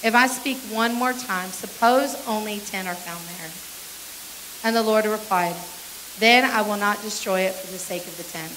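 A woman's voice: mid-range voice, normal speed, fairly bright tone, slight background noise, low-quality recording. A woman pastor reading a scripture passage aloud during a sermon, with short asides to the congregation.

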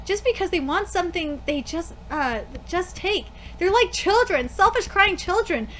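A high, bright voice of an upset young priestess girl, read by a woman, scolding and bitter. It sounds like a manga read aloud at home, with faint ambience behind. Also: animated, moderate pace, a little hiss or hum.

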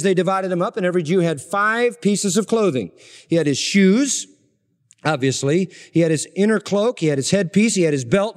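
An older man preaching an expository sermon, swinging from loud emphasis to hushed, low lines. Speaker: pastor. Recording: reverberant hall recording.

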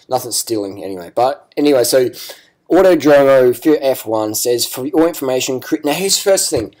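A man's voice: medium pitch, lively intonation, normal speed, darkish tone. A man giving ranting vlog commentary, profane, sarcastic and combative. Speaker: cycling vlogger.

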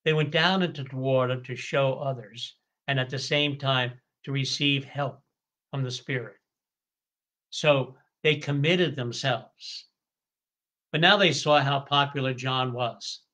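Bright-voiced priest explaining scripture. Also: male voice, mid-range voice, steady tone. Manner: slow, deliberate explanation with stretched emphasis on key words; occasional stumbles and self-corrections. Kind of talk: scripture study lecture.

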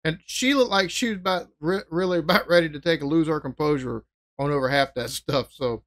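A man's voice: on the high side, a little fast, fairly bright tone. A man hosting a reaction video, chatting casually and laughing along. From United States. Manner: laughing, drawling and amused.

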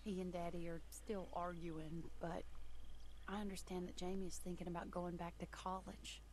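A woman's voice: fairly low pitch, flat delivery, moderate pace, a little mellow, slight background noise, close to an everyday voice. An actress playing a regretful young woman who writes to an old flame for help, reading her letter with earnest longing. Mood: wistful. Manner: earnest, wistful, pleading. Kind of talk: video game voice acting, letter read aloud.

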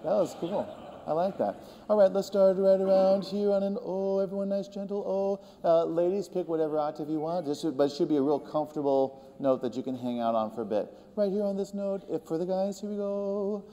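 A man leading a group through vocal warm-ups, talking gently and encouragingly and singing short demonstration notes. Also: high-pitched, brisk. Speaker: vocal coach. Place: large hall with a group of singers. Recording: reverberant hall, faint room hum.

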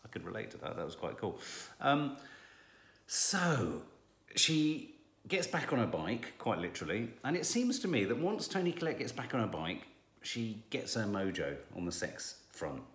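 Middle-aged male co-host, animated and teasing, echoey home room. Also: on the low side, moderate pace. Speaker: co-host reviewing a TV drama. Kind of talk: casual review chat.

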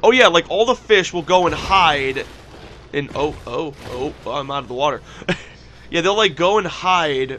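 Young male gaming co-host, bright tone, playful, slight hiss. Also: a little high, lively intonation, unhurried. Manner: joking, loud bursts of laughter and shouting at the game. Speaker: let's play co-host. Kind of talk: casual gaming chat.

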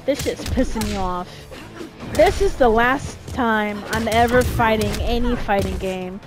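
Woman, gameplay commentary, frustrated, heavy swearing, unhurried, game music underneath. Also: fairly high pitch. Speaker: gamer streaming a playthrough.

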